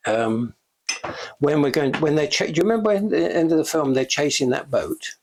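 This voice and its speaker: An older man recounts backstage stories in a relaxed chat, often breaking into laughter and playing out the voices he quotes. His voice is husky and breathy, and his pitch swings widely from phrase to phrase. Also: moderate pace. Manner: chatty, laughs often, acts out quoted lines. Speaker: interviewee, special effects veteran. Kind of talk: casual anecdotal storytelling. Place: shop.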